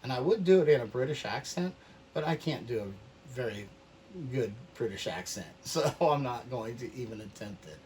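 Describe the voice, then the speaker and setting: A painting instructor with a medium-pitched, darkish, animated voice leads a relaxed oil paint-along lesson. He works slowly and easygoingly, often talking half to himself, with slight background noise in the recording.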